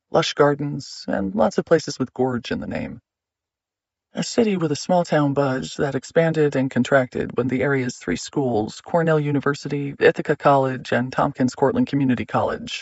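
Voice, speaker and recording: Guy reading a thriller audiobook, steady pace, kinda muffled dry sound. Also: mid-range voice, no room sound. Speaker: audiobook narrator. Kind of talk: scripted audiobook narration.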